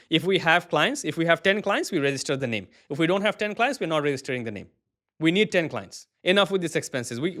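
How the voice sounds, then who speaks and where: A man who founded an agency, telling his story as an interview guest, lively and acting out what others said. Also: fairly high pitch. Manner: animated, acts out other people's words while telling stories.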